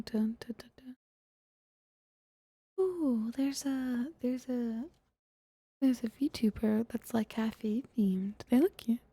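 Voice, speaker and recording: Soft, dark-voiced young woman half-whispering. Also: a little high, slow pace, pauses often, husky, dry recording. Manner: chatty, giggly, self-deprecating, half-whispering. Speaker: VTuber streamer. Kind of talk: soft-spoken ASMR stream chat, often whispered.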